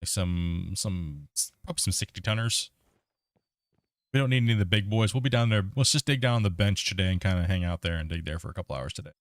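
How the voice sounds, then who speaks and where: A man's voice: lowish voice, no echo, clean studio sound. A man hosting a gaming livestream, rambling casually and chuckling as he talks to his chat.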